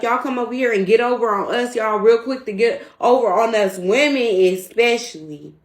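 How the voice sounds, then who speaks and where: A woman's voice: fairly high pitch, roomy sound. A woman giving a heated, emphatic and rambling casual response. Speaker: commentator. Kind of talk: casual social media response.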